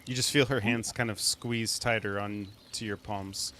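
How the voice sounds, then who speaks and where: A man game master narrates a tabletop game slowly and descriptively. His voice sits fairly low, and his delivery is unhurried and measured over a faint background hiss. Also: steady tone, bright, forceful tone.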